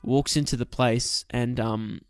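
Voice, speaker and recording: A man's voice: mid-range voice, fairly even intonation, unhurried, clean tone, no room sound, studio quality. A man, co-hosting a casual film podcast and talking in long rambling sentences full of restarts and fillers.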